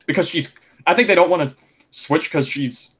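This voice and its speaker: A young man co-hosting a casual wrestling podcast, rambling and animated, full of fillers. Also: fairly high pitch, moderate pace, slightly rough. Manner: chatty, rambling, animated opinions with lots of fillers. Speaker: podcast co-host.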